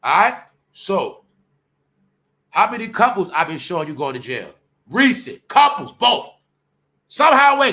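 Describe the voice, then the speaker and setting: High bright-voiced guy, ranting loud and blunt, drops to mutters then yells. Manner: loud, blunt and swinging between shouting and muttering. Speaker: commentary channel host. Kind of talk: profane ranting commentary.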